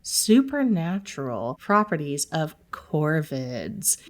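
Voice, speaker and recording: Playful woman podcast co-host, lowish voice. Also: slow pace. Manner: playful, animated storyteller. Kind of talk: casual chat.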